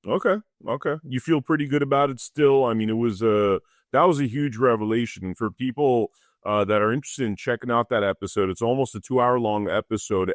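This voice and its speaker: A man's voice: mid-range voice, no room sound. A man hosting a podcast interview, easygoing, laughing along and giving short affirmations. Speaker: podcast host.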